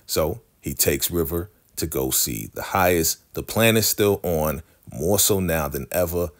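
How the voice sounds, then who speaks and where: A man casually recapping a TV episode, chatty and animated, with slang. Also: extremely low pitch, normal speed, hardly any pauses. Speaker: TV show recapper.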